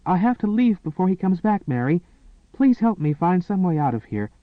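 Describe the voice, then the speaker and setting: A man's voice: expressive, moderate pace, no room sound, lightly acted. A man voicing a distraught, furious young woman who speaks in choked, pleading bursts. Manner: pleading, choked, high-strung. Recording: tinny, phone-like and dry.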